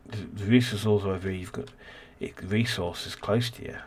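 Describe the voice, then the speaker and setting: A man's voice: fairly low pitch, fairly even intonation, normal speed, slight background noise. A man casually commentating a city-building game as host, rambling and thinking aloud, tired and yawning. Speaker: let's play host.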